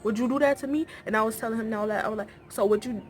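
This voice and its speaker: A young woman, telling a story casually and acting out the dialogue. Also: racing. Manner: animated, acts out dialogue with rising pitch.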